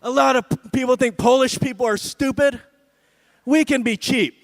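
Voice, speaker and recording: A man's voice: very high voice, moderate pace. A man doing a stand-up comedy set at an awards show, with a sarcastic, punchy delivery and frequent "right?" asides.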